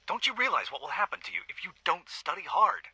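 A man's voice: high voice, big pitch swings, fast talker, pushed and bright, husky, no room sound, full character voice, poor audio. A man playing a stern, weary male schoolteacher, lecturing in a video game audio log. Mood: pleading.

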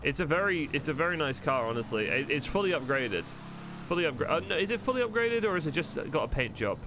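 A man's voice: on the high side, big pitch swings, fast, noisy background. A man streaming a roleplay game live from home, chatting to viewers in a loose, rambling way, swearing freely and thinking aloud as he plays.

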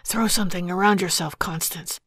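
Frightened husband on the run, hurried and halting, read by a woman with a low, gravelly tone. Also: fairly bright tone, dry recording, studio quality. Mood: urgent. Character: desperate middle-aged husband in trouble.

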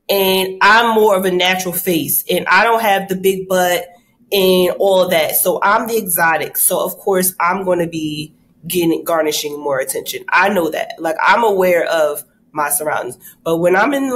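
A woman hosting a casual talk show, telling lively stories with acted-out quotes and casual swearing. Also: fairly low pitch, measured pace. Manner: candid, animated storytelling with acted-out quotes. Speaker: host. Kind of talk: casual chat.

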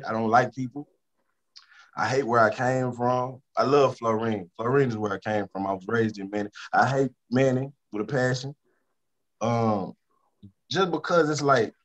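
A Louisiana rapper talking casually in an interview, repeating himself for emphasis and turning quieter when he talks about stress. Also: medium pitch, a little slow. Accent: Southern US, Louisiana. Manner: emphatic and repetitive, drops to a subdued tone about stress.

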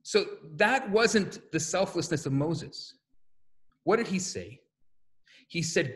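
A man, a rabbi, giving a lecture full of stories and acted-out quotes, in an animated manner. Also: fairly high pitch, measured pace. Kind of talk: lecture with storytelling.

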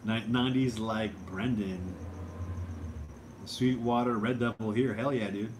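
A man's voice: on the low side, steady tone, a little slow, a little hiss or hum. Laid-back man chatting on a livestream. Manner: laid-back, rambling, says bro and dude a lot. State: drinking beer. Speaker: livestream host. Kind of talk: casual livestream chat.

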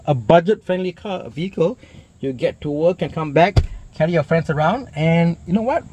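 A man's voice: fairly high pitch, lively intonation, a little fast, darkish tone. A middle-aged man with a Malaysian English accent, chatting enthusiastically through a car walkaround with lots of exclamations. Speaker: car reviewer.

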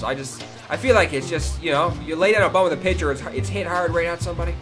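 Male gamer host, slightly high voice, runs live play-by-play of his own game, curses freely, mutters then yelps, clear game music underneath. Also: fast, few pauses. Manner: excitable, swearing, swings from mutters to yelps. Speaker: gaming video host. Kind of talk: live gameplay commentary.

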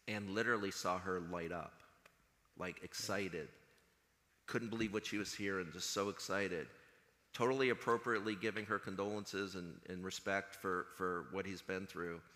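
A man giving an earnest chapel talk to high school students, telling stories and acting out what others said. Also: pushed and bright. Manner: earnest storytelling, quotes others in conversation. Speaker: school chaplain. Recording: long hall reverb.

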